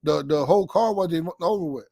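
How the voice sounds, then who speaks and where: A man's voice: fairly high pitch, quick pace, vocal fry, mellow, no room sound, studio quality. A male caller talking bluntly and profanely, arguing his point. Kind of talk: phone-in chat.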